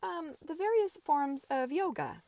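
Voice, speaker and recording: A meek young man who lisps stumbles through his words in a halting, apologetic way, as a woman reading an audiobook puts him on. The voice rides higher than the narration, with a gravelly edge. The sound is dry and close. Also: animated, dark tone, no room sound. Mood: timid. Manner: hesitant and halting, with many fillers. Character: mild, timid, lisping young man. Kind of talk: amateur audiobook character voice.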